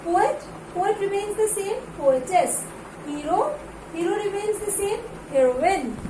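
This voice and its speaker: Woman teacher with a high voice, grammar lesson in a classroom, spells words out, lots of noise behind. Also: animated, roomy sound. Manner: reads word lists aloud in louder, drawn-out calls. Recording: noisy room recording.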